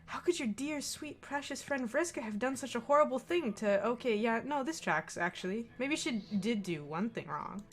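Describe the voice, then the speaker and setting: Woman reading a game on stream, lively pitch, bright high voice, chuckling asides. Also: normal speed, few pauses. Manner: animated, laughing asides. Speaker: let's play streamer. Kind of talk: reading a visual novel aloud with commentary.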